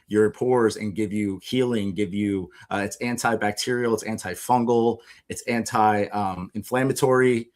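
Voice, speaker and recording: Relaxed lower-voiced male podcast guest. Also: moderate pace, hardly any pauses. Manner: relaxed, agreeable, short affirmations. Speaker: podcast guest, small business owner. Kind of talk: casual podcast chat.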